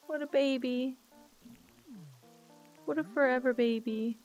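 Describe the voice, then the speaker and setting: A woman's voice: mid-range voice, normal speed, pauses often, faint music behind. A woman streaming a game, chatting casually and emotionally with viewers while she plays.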